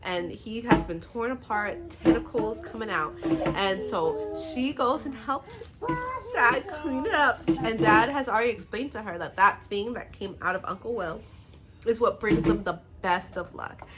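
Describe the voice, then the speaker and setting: Animated young woman chatting about books. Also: fairly high pitch, a little slow, rough recording. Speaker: book vlogger. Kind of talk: casual chat recapping a book.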